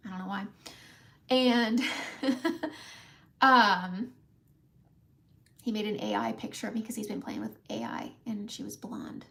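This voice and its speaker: A woman's voice: mid-range voice, animated, unhurried, vocal fry, pauses often, fairly bright tone. A middle-aged woman hosting a casual live makeup tutorial from home, chatting with viewers by name and laughing often. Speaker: makeup livestream host.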